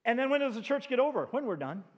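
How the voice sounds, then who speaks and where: A man preaching as a pastor, telling stories with animated asides in a church sanctuary. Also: very high voice, fast. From New England. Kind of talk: sermon. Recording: long church hall reverb.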